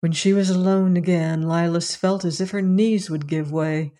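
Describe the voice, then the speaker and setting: An audiobook narrator reading a story in a steady, measured manner. The voice sits at an ordinary middle pitch and moves through the prose evenly. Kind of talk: scripted narration.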